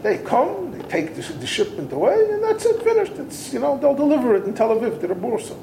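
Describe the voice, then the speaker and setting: A man teaching a Torah class, mixing scripture with an animated story and wandering off into asides. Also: extremely high pitch, a little fast, vocal fry, noisy background. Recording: roomy echo.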